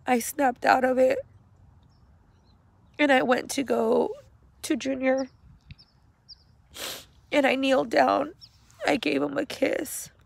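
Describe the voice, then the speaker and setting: Husky, gravelly-voiced woman telling a painful story. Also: sits high, fairly even intonation. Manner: slow, halting, emotional retelling. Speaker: grieving mother. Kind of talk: personal storytelling vlog. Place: outdoors at a cemetery.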